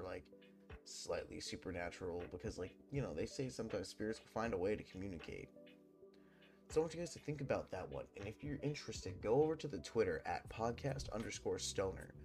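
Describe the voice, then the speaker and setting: A man's voice: low-pitched, lively intonation, brisk, darkish tone, soft background music. A young man hosting a podcast, rambling through a personal ghost story with lots of swearing and fillers. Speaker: podcast host. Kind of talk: casual storytelling.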